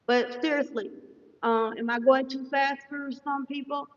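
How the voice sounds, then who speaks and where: A woman giving a live-streamed meditation lesson as a spiritual teacher, talking fast and checking in with her listeners often. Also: high-pitched, steady tone. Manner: fast-talking, says so herself; instructive, checks in often with "okay?". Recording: distant, echoey, dull sound.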